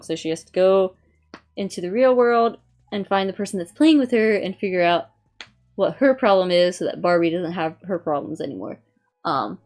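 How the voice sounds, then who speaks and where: A young woman streamer in casual chat, rambling with many fillers and reading aloud from a review. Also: fairly low pitch. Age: young adult.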